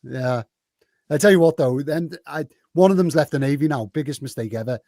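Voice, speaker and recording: A man's voice: on the high side, a little fast, warm tone, no echo, studio quality. A man with a Liverpool accent, telling loose, swearing, laughing anecdotes in a casual podcast chat and acting out quoted lines. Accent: Liverpool English. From Liverpool, England.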